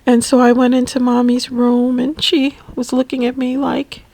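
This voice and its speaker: A woman narrating a personal caregiving memoir, emotional and halting, often repeating words. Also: high-pitched, monotone, dark tone, rough recording. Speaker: family caregiver.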